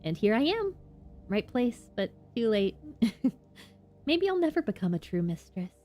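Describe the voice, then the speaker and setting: A woman's voice: fairly high pitch, big pitch swings, unhurried, a little mellow, pitched above the performer's own voice. A woman voicing a wistful teenage girl. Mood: dreamy. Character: fifteen-year-old girl, wistful and odd.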